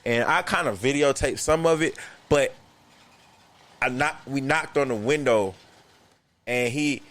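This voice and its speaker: A man co-hosting a podcast, telling a long story in an animated, profane, slangy way. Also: medium pitch, unhurried. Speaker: podcast co-host. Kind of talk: casual storytelling chat.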